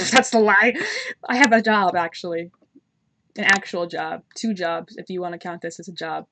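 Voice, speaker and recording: A woman's voice: lowish voice, steady tone, normal speed, noisy background. A woman streaming a visual novel game, reading the story aloud and breaking off into chatty, giggly, teasing asides.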